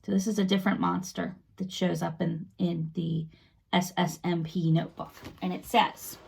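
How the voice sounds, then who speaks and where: Chatty gravelly woman reading a storybook. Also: lowish voice, flat delivery, darkish tone. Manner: chatty and explanatory, pauses to talk about the pictures. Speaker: read-aloud narrator for children. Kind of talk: reading a children's book aloud with commentary.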